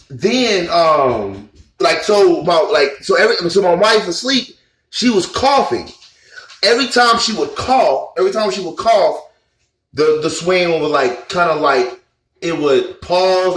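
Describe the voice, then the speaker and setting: In an echoey space, this man, his pitch fairly high and tone fairly bright, shares something that happened to him. The vlogger's telling is earnest and emotional, rambling with lots of fillers and false starts.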